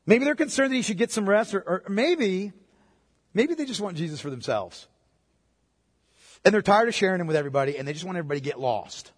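A middle-aged man preaching a sermon, conversational and animated, with joking asides. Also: high-pitched, fast talker. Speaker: pastor. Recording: reverberant hall.

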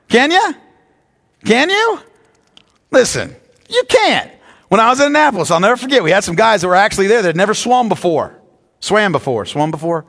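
Middle-aged guy preaching, high voice, slow emphatic words then fast asides, big echoey church sound. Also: fairly bright tone. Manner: preaching with dramatic pauses and quick asides. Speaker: pastor. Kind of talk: sermon.

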